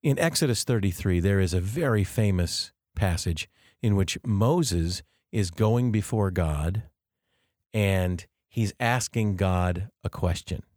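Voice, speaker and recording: Man, very low voice, devotional podcast host, earnest and reflective, dry close sound. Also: slow pace, a little mellow, no echo. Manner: earnest, reflective, explaining step by step.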